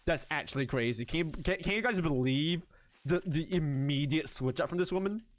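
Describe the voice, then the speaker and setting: A man live-streaming a game, chatting casually with his viewers in an excitable, animated way and swearing freely. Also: a little high, fairly quick, dry recording.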